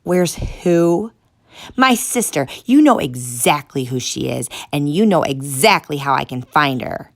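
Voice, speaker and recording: A woman's voice: deep voice, lively intonation, moderate pace, gravelly, full character voice. Woman doing a bullying, barking security guard. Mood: furious. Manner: barking, bullying, shouting orders. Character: gruff menacing male zoo security guard.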